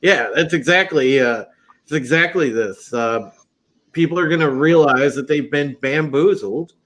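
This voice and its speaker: A man's voice: on the high side, unhurried, a bit bright. A man co-hosting a live movie review, blunt and profane as he agrees and complains. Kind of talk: heated live review chat.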